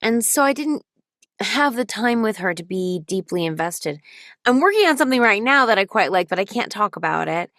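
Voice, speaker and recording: A woman voice actor speaking as an interview guest, telling stories in an animated, thoughtful way. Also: medium pitch, moderate pace, no room sound, studio quality. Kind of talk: casual interview chat.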